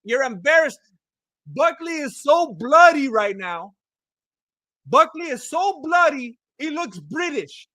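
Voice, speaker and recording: A man's voice: extremely high pitch, big pitch swings, slow pace, sharp tone, no echo. A man giving casual, joking play-by-play of a live fight, rambling and repeating himself. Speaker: fight commentator. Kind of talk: casual live fight watch-along commentary.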